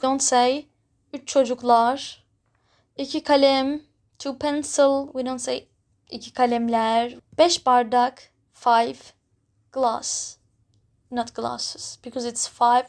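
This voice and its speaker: A woman's voice: sits high, a little mellow. A woman teaching a Turkish lesson in simple English, with small grammar slips, repeating each word patiently to show how it sounds. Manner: patient, repeats words several times, drawn-out pronunciation examples. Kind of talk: slow explanatory language lesson.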